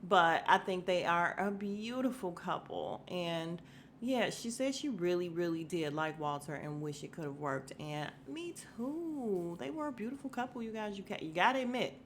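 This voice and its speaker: A woman's voice: lowish voice, expressive, normal speed, slight background noise. A woman hosting a podcast, chatting casually and gossiping through a reality show recap, talking to her listeners with fillers and asides. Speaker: podcast host.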